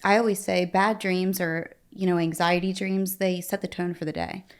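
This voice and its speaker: A woman's voice: on the low side, steady tone, moderate pace, clear, resonant tone. A woman hosting a podcast, supportive and reflective as she responds to her guest. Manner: affirming, reflective, brief backchannels. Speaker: podcast host. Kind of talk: supportive interview talk.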